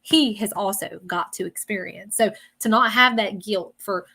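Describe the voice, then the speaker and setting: A woman giving a psychic reading on a livestream, emotional and apologetic, often saying she is sorry, with animated bursts as she acts out what she sees. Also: medium pitch, normal speed. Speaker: psychic medium. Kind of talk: live-streamed reading.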